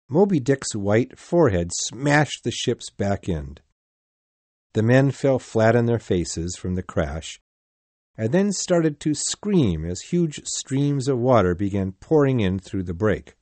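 A man narrating a sea story in a deliberate, clearly paced reading. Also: mid-range voice, big pitch swings, a little mellow, no echo. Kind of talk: slow simplified-English story reading.

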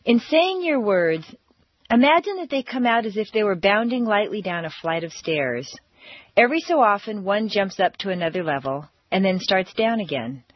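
A woman with an American accent reads scripted narration as an accent coach, with a husky voice and melodic, exaggerated intonation in her examples. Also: medium pitch, sing-song, normal speed, no echo, lo-fi sound.

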